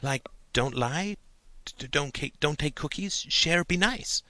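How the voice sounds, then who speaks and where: A wide-eyed little boy of six, eager and halting, tumbling from one question to the next, as a man puts him on. The voice rides noticeably higher than the reader's own and keeps a bright, forceful edge. The recording is dry and close. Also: lively intonation, no room sound, heavily acted. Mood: earnest. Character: curious earnest little boy, about six.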